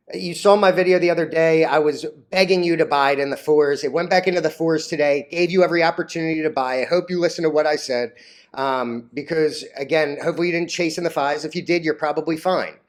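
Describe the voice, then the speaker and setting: Brief: male stock vlogger, a touch high in pitch, loose and crude, rambles and gets flustered easily. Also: brisk. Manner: crude, rambling, heavy on "like" fillers, laughs at own jokes. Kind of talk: casual off-the-cuff rant.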